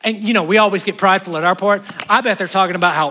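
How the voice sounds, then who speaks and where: A man preaching a sermon, animated and acting out the people in the story he reads. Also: sits high, rapid-fire, hardly any pauses, big-room sound. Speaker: pastor.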